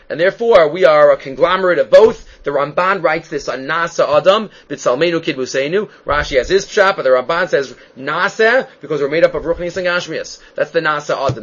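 A man teaching a Talmud class as a rabbi, lecturing emphatically, his voice jumping up and dropping down to stress points. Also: a little high. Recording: dull lo-fi recording.

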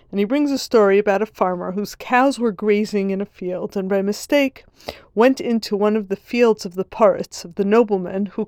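A woman's voice: mid-range voice, darkish tone, dry recording, clean studio sound. A woman giving an earnest religious lesson, telling a parable in a storytelling manner. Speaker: Torah teacher.

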